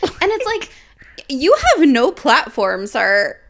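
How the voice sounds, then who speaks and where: High, very lively young woman on a podcast. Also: slow pace, creaky. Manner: expressive, swears a lot, laughs while telling stories. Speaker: podcast co-host. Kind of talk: casual chat.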